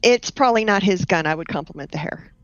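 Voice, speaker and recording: A woman's voice: on the low side, animated, fast talker, no room sound. A woman playing a tabletop role-playing game, cautiously giving the others directions. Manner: cautious, bossy. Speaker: player. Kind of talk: tabletop role-play chat. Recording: dull lo-fi sound.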